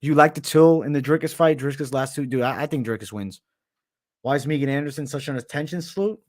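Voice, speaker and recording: A male livestream host from the United States talks quickly in a mid-range voice. He keeps things laid-back and profane while casually chatting and answering viewer questions, dropping "bro" a lot.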